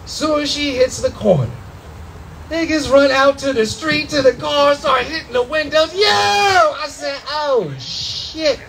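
A young man tells stories on a comedy club stage, loud, animated and full of profanity. His voice sits high for a man, and he acts out other people's voices as he goes. A faint room ambience hums behind him. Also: a little slow, vocal fry, a little hiss or hum, rough recording. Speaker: stand-up comedian. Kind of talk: stand-up comedy set.

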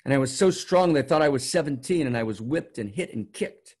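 A man's voice: mid-range voice, lively intonation, brisk, darkish tone, slightly rough. A man voicing a broken old hunchback street sweeper in a grave, plain retelling.

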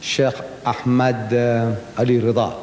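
An older man giving a public religious lecture, telling stories with animated asides and acting out dialogue. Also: unhurried. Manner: animated storytelling, acts out dialogue. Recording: echoey hall, faint rumble.

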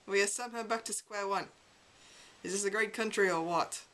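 A woman's voice: mid-range voice, a little fast, fairly bright tone, poor audio. A woman reading a memoir aloud as an amateur reader, with a wry, sardonic delivery.

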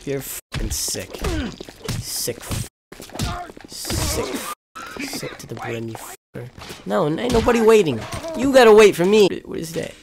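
A man's voice: very animated, a little fast, creaky, heavy background noise. Swearing young man gaming, swooping voice. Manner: frustrated, swearing, yelling at enemies, with wild swings in pitch. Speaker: gamer. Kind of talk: gaming commentary.

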